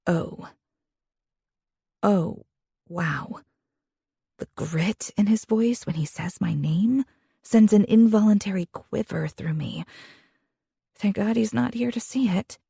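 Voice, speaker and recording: A young woman reading a first-person romance audiobook in an expressive, intimate way, with a husky voice. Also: mid-range voice, takes it slowly, pauses often, no echo, clean studio sound. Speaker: audiobook narrator.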